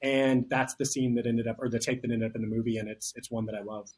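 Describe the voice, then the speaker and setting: A man speaking as a film director in a relaxed interview, talking thoughtfully with frequent fillers and restarts. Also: mid-range voice, fast. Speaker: writer-director. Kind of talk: casual interview talk.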